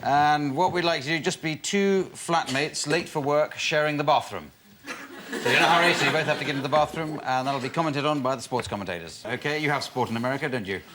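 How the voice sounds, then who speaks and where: A man with a British accent hosting an improv comedy show, introducing games with halting restarts. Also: fairly high pitch. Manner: halting, with many ums and restarts. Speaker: game show host. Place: television studio with audience. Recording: studio with audience noise.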